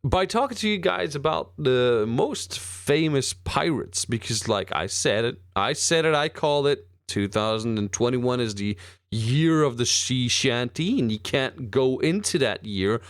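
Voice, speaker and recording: A man's voice: mid-range voice, expressive, unhurried, no room sound, studio quality. A young man co-hosting a podcast, rambling and joking crudely in casual banter. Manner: rambling, crude and jokey, many restarts. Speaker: podcast co-host.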